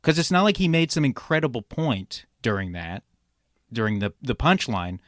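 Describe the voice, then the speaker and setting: A man hosting a reaction commentary show, ranting sarcastically and swearing, jumping from loud outbursts to low mutters. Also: big pitch swings, normal speed, dry recording, studio quality. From immigrant. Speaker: commentary podcast host.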